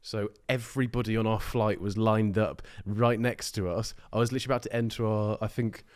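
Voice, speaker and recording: A man's voice: fairly low pitch, steady tone, brisk, smooth. A young man co-hosting a podcast, telling rambling anecdotes in casual chat and laughing as he goes. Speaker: podcast co-host.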